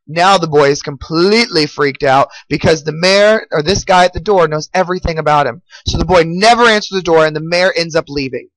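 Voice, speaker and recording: Animated male teacher telling a story. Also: on the high side, brisk, few pauses, no room sound, poor audio. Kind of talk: storytelling to students.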